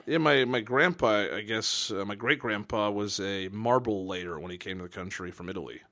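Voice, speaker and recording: A young man co-hosting a podcast, rambling and animated in casual chat. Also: fairly low pitch, normal speed. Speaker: podcast co-host.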